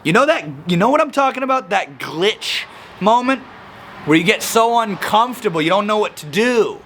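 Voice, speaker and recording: Young guy with a bright, slightly high voice, chatty, does little impressions of people. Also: moderate pace, a little hiss or hum. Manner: animated, acts out quoted people. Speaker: self-help video host. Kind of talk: casual talking-to-camera explainer.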